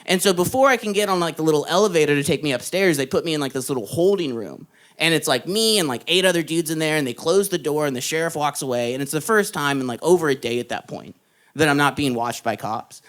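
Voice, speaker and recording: A young man doing stand-up, telling a story in an animated way, laughing along and jumping into loud put-on voices. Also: on the high side, quick pace. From Texas. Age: young adult. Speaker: stand-up comedian. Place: live comedy club stage.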